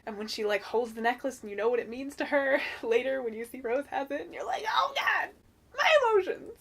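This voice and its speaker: A young woman vlogging an excited film review, gushing and animated, swearing casually and breaking into squeals. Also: a little high, quick pace.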